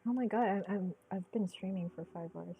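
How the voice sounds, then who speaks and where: A woman's voice: medium pitch, a little fast, husky, narrow, tinny audio. A woman chatting casually while drawing on a live stream. She giggles a lot, swears freely, bursts into squeals, and drops Japanese exclamations into her talk.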